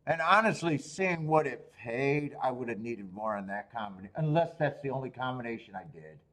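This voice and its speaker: A man's voice: mid-range voice, expressive, brisk, a bit bright. A man hosting a live horse racing stream, chatting casually about his bets, swearing and talking to himself. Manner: swears, restarts, talks to himself while watching races. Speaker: horse racing show host.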